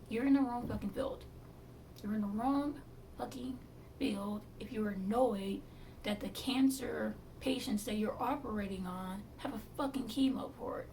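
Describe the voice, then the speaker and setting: A woman with a gravelly, fry-edged voice tells a storytime vlog, exasperated and blunt, now and then swearing. She sits a little off the mic, and a faint hum of background noise runs under her voice. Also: mid-range voice, steady tone, measured pace, darkish tone, distant mic. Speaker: vlogger telling her surgery story.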